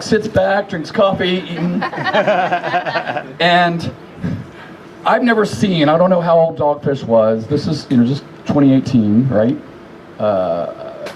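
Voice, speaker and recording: A man giving a casual memorial tribute, telling a story in an animated, profane way and shouting the quotes. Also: mid-range voice, slight background noise.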